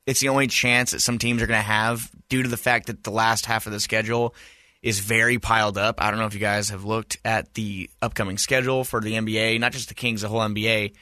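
A man's voice: lowish voice, level tone, quick pace, bright, forceful tone, no room sound. A man co-hosting a casual sports podcast in a radio studio, chatty and explaining things at length. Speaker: podcast co-host.

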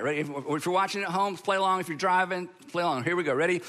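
A man preaching a sermon to a congregation, emphatic and teaching, with deliberate pauses and the audience asked to repeat after him. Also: high voice, sharp tone. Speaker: pastor.

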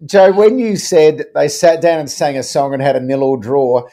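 A man's voice: fairly high pitch, fairly even intonation, normal speed, warm tone. A man with an Australian accent hosting a casual podcast, laid-back and jokey. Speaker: host. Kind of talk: casual chat.

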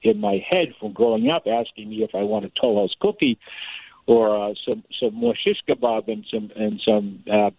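A man with a gravelly, creaky voice tells a family story as a guest on a radio interview. His pitch swings widely as he talks, stopping and restarting in quick bursts. The sound is dry and a little dull, like a lo-fi radio feed. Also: no echo. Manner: animated, restarts often, storyteller. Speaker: author and guest.

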